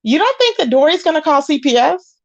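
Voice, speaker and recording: A woman's voice: high-pitched, big pitch swings, a little fast, dry recording. A woman doing casual live-stream commentary, reading chat aloud in a sassy way, calling viewers child and honey. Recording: dull lo-fi, dry.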